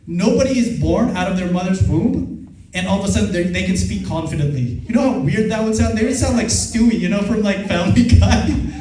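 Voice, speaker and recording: A fairly high-voiced man from the Philippines, a native Filipino speaker, gives an energetic motivational seminar and gets the audience to repeat his lines. His voice rings through a very echoey hall, picked up from some distance. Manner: energetic, laughs often, leads the crowd in repeating lines. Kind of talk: motivational seminar talk with call-and-response. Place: large event hall with a live audience. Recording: echoey hall, voice far from the mic.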